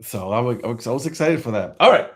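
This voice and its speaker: A man's voice: mid-range voice, lively intonation, quick pace. A man co-hosting a casual talk show. He talks in a loose, rambling way, full of fillers and self-corrections, in an ordinary mid-range voice. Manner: rambling, lots of fillers and restarts. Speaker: podcast co-host. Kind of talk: casual chat.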